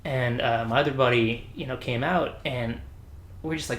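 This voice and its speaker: A man telling military stories in a casual podcast chat, laughing often and jumping into high pitch for the people he quotes. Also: brisk, fairly bright tone, a little hiss or hum. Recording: roomy echo.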